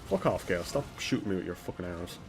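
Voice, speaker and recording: Low-voiced male streamer, self-directed cursing, game music clearly under him. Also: very animated, fast. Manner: frustrated swearing, talking to himself. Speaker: gaming streamer. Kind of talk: live gameplay commentary.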